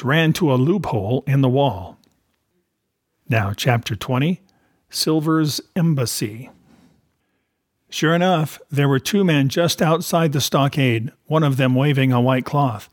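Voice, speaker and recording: A man reading a novel aloud in a steady, measured storytelling voice. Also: medium pitch, no echo, studio quality. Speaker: reader.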